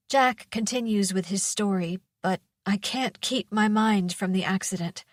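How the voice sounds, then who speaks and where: A woman reading a first-person mystery thriller audiobook in a measured, tense manner. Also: medium pitch, dry recording, studio quality. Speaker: audiobook narrator.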